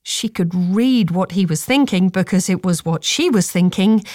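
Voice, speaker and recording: A woman narrating a storybook in a calm, measured reading voice. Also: fairly low pitch, no echo, clean studio sound.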